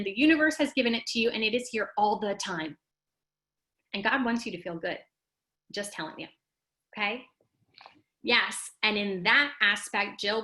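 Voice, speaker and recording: A woman hosting a casual motivational talk, speaking straight to her viewers in an animated, emphatic way and reading out their comments. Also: poor audio. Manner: animated and emphatic, rising high when making a point; talks straight to the audience and reads out their comments. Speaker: host of a live wellness talk.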